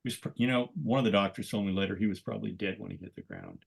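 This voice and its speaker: A man's voice: lowish voice, racing, vocal fry, slightly rough. An older man, a guest photographer, telling stories in conversation and acting out the voices of the people he quotes. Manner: animated storyteller who acts out quoted voices. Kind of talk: conversational storytelling.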